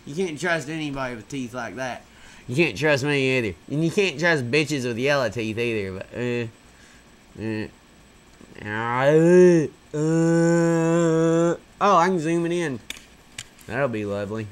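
A tired, burnt-out man rambling and swearing in a late-night vlog on a webcam mic, drifting from loud outbursts to mumbles. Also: mid-range voice, lively intonation, moderate pace. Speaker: vlogger.

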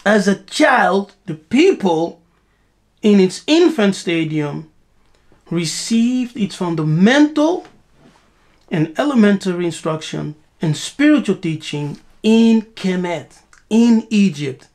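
A woman's voice: medium pitch, lively intonation, takes it slowly, a little mellow. A woman giving a spiritual teaching, asking rhetorical questions and answering them herself with emphatic repetition.

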